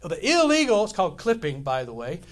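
Animated high-voiced male pastor preaching. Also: brisk. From Louisiana, US. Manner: animated storytelling, rambling restarts. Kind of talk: sermon.

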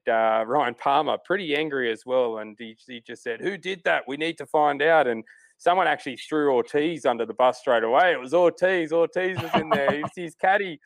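A man's voice: mid-range voice, no room sound. Rambling man, dry sound. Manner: rambling, many fillers and restarts. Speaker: golf podcast co-host. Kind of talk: casual sports chat.

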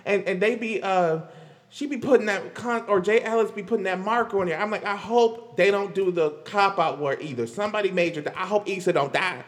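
A man's voice: sits high, fairly quick, big-room sound. A man giving rambling, casual pop-culture commentary as a vlogger, laughing often and stammering through restarts.

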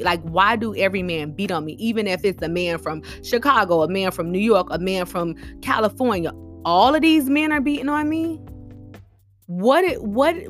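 A woman giving relationship advice in a casual, animated monologue, full of rhetorical questions and informal, slangy speech. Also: mid-range voice.

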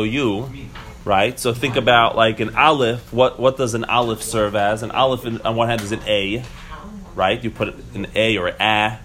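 Man, mid-pitched voice, teacher, casual Torah class, rhetorical questions, restarts. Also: a bit bright.

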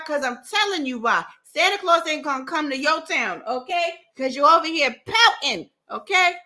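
A woman's voice: high-pitched, expressive, moderate pace, few pauses, bright, forceful tone. A woman hosting a podcast, giving sarcastic, mocking commentary on a book she reads from and often laughing at her own jokes. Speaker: podcast host.

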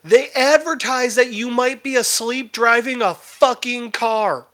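A sarcastic man trading jokes on a casual podcast. He tells stories in an animated way and leans on dry irony. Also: extremely high pitch, measured pace. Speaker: podcast co-host. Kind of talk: casual chat.

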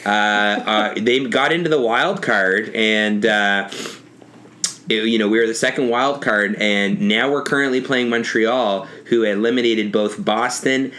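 A man with a lowish voice talks in a relaxed, drifting way, leaning on 'like' and 'man'. He sounds unhurried and easy among friends. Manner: laid-back, says man and like a lot. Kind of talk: casual hockey chat.

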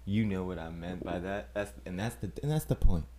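A man's voice: low voice, fairly quick, dark tone. A young man who is a regular podcast guest, teasing the host in casual banter and laughing often. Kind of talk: casual chat.

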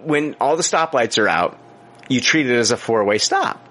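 A man's voice: mid-range voice, normal speed, a little hiss or hum. A man co-hosting a podcast, telling stories in casual chat with lots of swearing and filler words. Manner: animated storytelling, heavy swearing and filler words. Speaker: podcast co-host.

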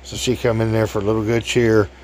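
Deep-voiced jokey man in his fifties. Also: flat delivery, fast, darkish tone, a little hiss or hum. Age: 50s. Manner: jokey, chatty, laughs at his own stories. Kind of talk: casual spoken anecdote.

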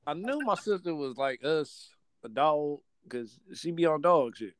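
A man's voice: fairly high pitch, lively intonation, measured pace, no room sound. A man, hosting a podcast and casually telling a profane story full of acted-out voices. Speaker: podcast host.

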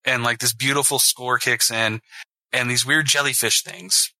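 Bright-voiced man reviewing a movie. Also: mid-range voice, steady tone, moderate pace, no room sound, poor audio. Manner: enthusiastic, swears, acts out scenes in quotes. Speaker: podcast co-host. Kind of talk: casual movie review chat.

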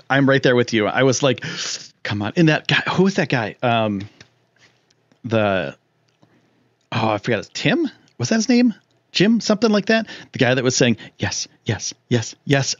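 A young man chats on his live stream in a loose, rambling way, full of ums and restarts, and his voice shoots up when something thrills him. The sound is a bit dull and lo-fi, with a dry, close feel and almost no room echo. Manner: excitable, rambling, lots of fillers, jumps high when thrilled. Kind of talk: casual live-stream chat.

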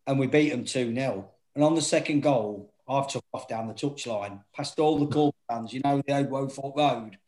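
A man's voice: mid-range voice, normal speed, hardly any pauses, poor audio. A man, a former football manager, telling stories in casual chat, swearing and acting out quotes. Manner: swearing, animated, acts out quotes.

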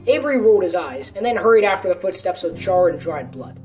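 A woman's voice: on the low side, very animated, fast talker, a little mellow. A woman narrating a story in a casual reading voice, now and then correcting herself. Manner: casual, with small self-corrections. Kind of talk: storytelling reading of a fan fiction. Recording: distant mic with faint music.

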